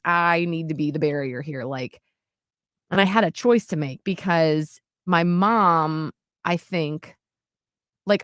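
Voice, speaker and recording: This podcast co-host, a woman in her late thirties, has a lowish voice and recounts a personal story in a casual, storytelling chat. Her delivery is earnest and heartfelt, peppered with "like"s and restarts, and the recording is dry with clean studio sound.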